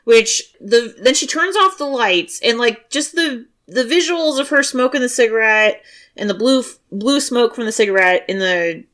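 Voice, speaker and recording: A woman's voice: fairly high pitch, expressive, moderate pace, fairly bright tone. A woman co-hosting a movie podcast, clarifying plot details and pressing her point. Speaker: podcast co-host. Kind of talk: casual movie-discussion chat.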